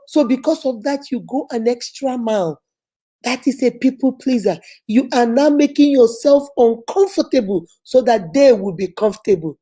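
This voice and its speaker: A woman life coach delivers a motivational lesson straight to camera, speaking to her viewers in an emphatic, repetitive, preachy way. Her voice is a little high and warm.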